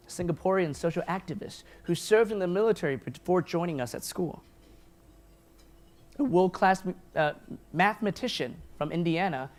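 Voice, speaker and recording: Keynote speaker: a man with a fairly high voice, earnest and self-deprecating, miked at a lunch event. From grew up in Taiwan, New Zealand and the United States. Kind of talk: keynote speech. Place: event hall at a lunch gathering.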